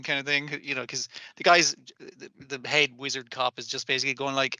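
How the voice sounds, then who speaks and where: A man co-hosting an anime podcast, chatty, agreeable and quick to swear. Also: on the high side, steady tone, pushed and bright, no echo. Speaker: podcast co-host. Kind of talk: casual podcast chat.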